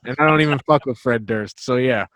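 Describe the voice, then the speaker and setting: A man's voice: medium pitch, fairly quick, fairly bright tone, dry recording. A man appearing as a musician guest on a podcast, talking casually in a blunt, joking, profane way.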